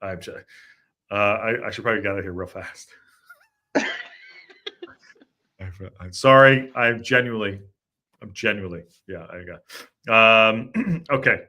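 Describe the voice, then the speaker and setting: A man hosts a live football fan chat with a low-pitched but bright, forceful voice. His delivery is casual and jokey, full of quick asides. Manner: chatty, jokey, apologetic asides. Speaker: host of a football fan phone-in show.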